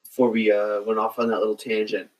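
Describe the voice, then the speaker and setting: A man with a low, husky voice chats about movies on a podcast. He rambles, restarting sentences and filling gaps with ums as he goes. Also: completely flat delivery, rough recording. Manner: rambling, halting, lots of fillers. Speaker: podcast guest. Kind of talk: casual film discussion.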